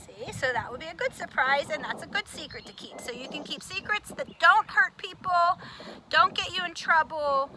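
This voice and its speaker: High-voiced woman teaching children. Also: expressive. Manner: patient, explains things slowly. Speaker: children's show host. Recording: noisy background.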